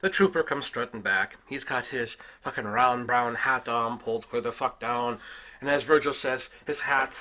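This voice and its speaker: A man telling a family story as a comic rant, swearing heavily and swinging from loud outbursts to hushed asides. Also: medium pitch, moderate pace, a little hiss or hum, rough recording. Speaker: comic ranter.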